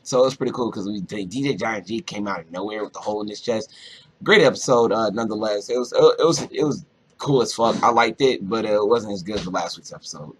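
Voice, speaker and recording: A man's voice: on the low side, fast, a little hiss or hum. A young man rambling through a casual episode review, swearing often and leaning on fillers like "you know" and "whatnot". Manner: rambling, profane, lots of fillers. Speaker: cartoon reviewer.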